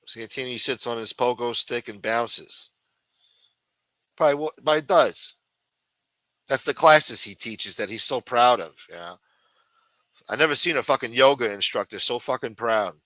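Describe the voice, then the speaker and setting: A man's voice: medium pitch, normal speed, pauses often, pushed and bright, no echo. A man ranting angrily and profanely as a podcast host. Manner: angry, profane, combative. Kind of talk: profane political rant.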